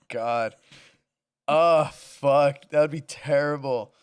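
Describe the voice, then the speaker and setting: A man co-hosting a relaxed podcast conversation. He laughs often and swears casually as he talks. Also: a little high, extremely slow, smooth. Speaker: podcast co-host. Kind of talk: casual chat.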